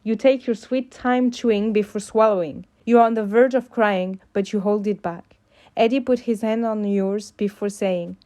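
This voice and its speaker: A woman's voice: medium pitch, steady tone, normal speed, mellow. Woman reading a second-person fan story. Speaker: fanfic reader. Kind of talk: second-person audio fanfic narration.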